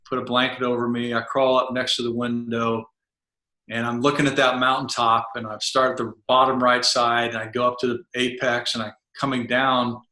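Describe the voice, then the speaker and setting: Bright-voiced man telling a war story. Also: medium pitch, roomy sound. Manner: vivid first-person storytelling, acting out dialogue. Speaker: podcast guest, former Navy SEAL chief. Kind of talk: storytelling in an interview.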